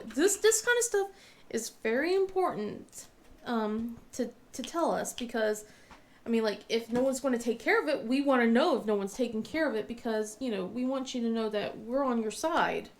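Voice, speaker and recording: A woman in her thirties talks casually as she crafts, her voice sitting a little high. She rambles, restarts her sentences often and acts out what others said. Her mouth is sore while she speaks. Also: lively intonation, moderate pace. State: mouth in pain. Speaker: vlogger and crafter.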